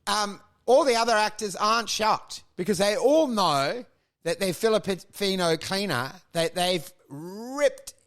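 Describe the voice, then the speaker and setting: A man co-hosting a comedy podcast, talking in loud, mocking banter full of swearing and put-on voices. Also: sits high, lively intonation, a little slow. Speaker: podcast co-host.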